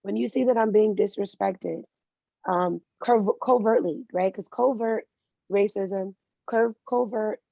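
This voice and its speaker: Woman guest, gravelly texture, candid storyteller who voices the people she quotes; dry, dull call-quality audio. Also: mid-range voice, unhurried, no echo. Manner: candid storytelling, animated quoting of others. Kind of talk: interview conversation.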